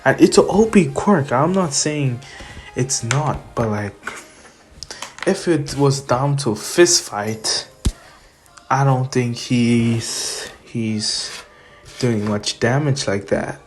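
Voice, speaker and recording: Slow, chatty young man telling a fan story. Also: mid-range voice, music in the background. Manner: chatty, opinionated, with fillers. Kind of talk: casual what-if storytelling.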